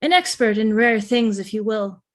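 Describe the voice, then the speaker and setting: A woman's voice: mid-range voice, normal speed, close to an everyday voice. Woman playing a stammering, pompous male antiquarian. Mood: haughty. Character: fussy bookish male antiquarian. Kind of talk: tabletop role-play in character.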